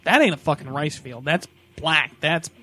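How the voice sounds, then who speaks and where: A man's voice: on the high side, normal speed. A man casually ranting and telling stories on a podcast, full of swearing. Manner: animated, swearing storyteller. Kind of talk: casual profane rant.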